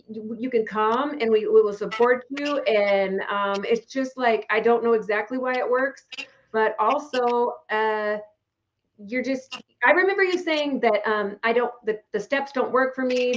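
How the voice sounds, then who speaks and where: Woman host, high-ish voice, encouraging, lively storyteller; dull, faintly noisy sound. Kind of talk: conversational interview. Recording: slightly dull recording with faint noise.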